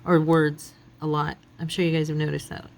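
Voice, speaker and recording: A woman's voice: deep voice, level tone, normal speed, vocal fry, darkish tone, a little hiss or hum. A middle-aged woman hosting a craft channel, chatting casually and thinking aloud as she works, often laughing. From United States.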